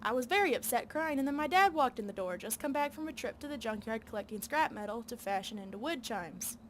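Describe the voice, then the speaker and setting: Earnest backwoods woman, read by a woman, soft Southern drawl, higher voice, faint hum behind. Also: expressive, fast talker, natural voice. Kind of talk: video game voice reading.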